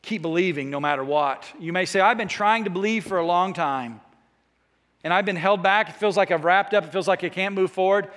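A man's voice: high-pitched, brisk, a bit bright, big-room sound. A man preaching a sermon in an earnest, conversational way, with small restarts. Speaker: pastor.

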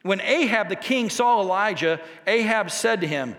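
A man preaching a sermon, telling a scripture story with emphatic, animated delivery. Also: high-pitched, normal speed, few pauses. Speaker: pastor. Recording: long reverb of a large hall.

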